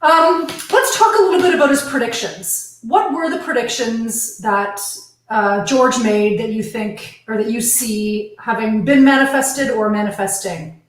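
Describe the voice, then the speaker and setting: Outspoken Canadian woman in echoey room. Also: fairly high pitch. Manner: outspoken and opinionated, quick asides and laughs. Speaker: podcast co-host. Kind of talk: casual chat about a book.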